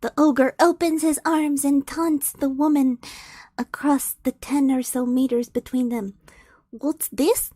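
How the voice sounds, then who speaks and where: A young woman reads fan fiction aloud on a stream, breaking off now and then for playful, giggly remarks. Her voice is high and her reading slow. The sound is dry and close to the mic. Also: flat delivery, dark tone, dry recording.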